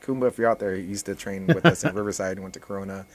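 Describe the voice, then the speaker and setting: Deep-voiced man chatting casually. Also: rapid-fire. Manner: relaxed, rambling, many restarts and fillers. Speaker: jiu-jitsu instructor and guest. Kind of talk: casual podcast chat.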